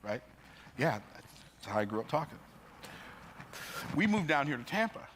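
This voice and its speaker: A man telling life stories in an emphatic, preacher-like motivational talk, building up and jumping into sudden high bursts. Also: big pitch swings, moderate pace, background noise. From United States. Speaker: motivational speaker.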